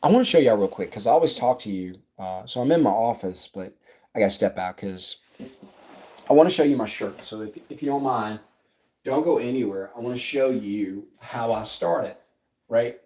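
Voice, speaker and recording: A man in his thirties with a South Louisiana accent, a business coach telling a story to camera in his office in an animated, conversational way. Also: mid-range voice, moderate pace, slightly rough. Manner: animated, conversational, acts out dialogue.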